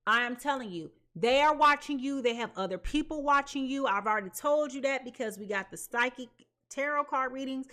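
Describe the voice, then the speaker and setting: A woman's voice: high voice, lively intonation, moderate pace, pushed and bright. A woman giving a live tarot reading, talking in an emphatic, repetitive way with casual slang. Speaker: tarot reader.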